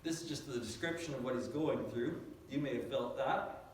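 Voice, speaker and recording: A man preaching a sermon in an earnest, emphatic way, dropping low and quiet on key phrases. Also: normal speed. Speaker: pastor. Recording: echoey and distant, faint noise.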